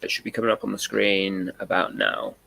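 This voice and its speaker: A man's voice: low-pitched, level tone, brisk, gravelly, bright, forceful tone, husky. A man co-hosting a casual live stream, reading out emails in a dry, teasing, matter-of-fact way. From England. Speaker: co-host.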